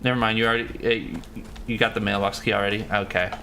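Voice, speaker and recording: A man's voice: fairly low pitch, steady tone, quick pace, gravelly, bright, forceful tone, slight background noise. A man streaming a horror game live, chatting casually with viewers, joking and swearing freely. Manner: loose, swears freely, jokey asides. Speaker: gaming livestreamer. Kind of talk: casual live game commentary, reading chat.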